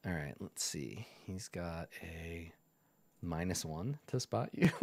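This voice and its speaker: A man's voice: low voice, sing-song, slow, vocal fry, a little mellow. A man narrating as game master in a casual, rambling way full of fillers.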